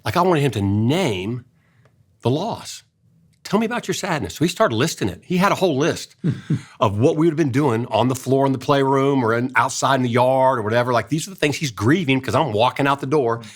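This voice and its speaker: An older man, telling an earnest personal story in a casual way, going soft and hushed when he quotes his own gentle words. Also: mid-range voice, animated, brisk. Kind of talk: casual storytelling in a faith-based talk.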